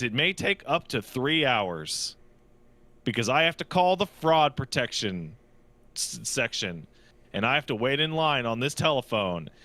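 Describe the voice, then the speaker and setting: A man with a fairly high, bright voice tells a comic rant on a podcast, sounding exasperated as he acts out the clerks he argued with. The sound is close and dry, with no room around it. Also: no room sound. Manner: exasperated, acts out other people's lines. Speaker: podcast co-host. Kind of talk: comedic storytelling rant. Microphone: studio podcast mic.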